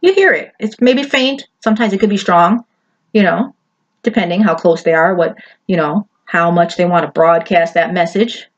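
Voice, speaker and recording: A woman's voice: fairly low pitch, moderate pace. A woman giving a casual lecture over slides, chatty and often checking in with her listeners. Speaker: presenter. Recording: dull lo-fi audio with faint noise.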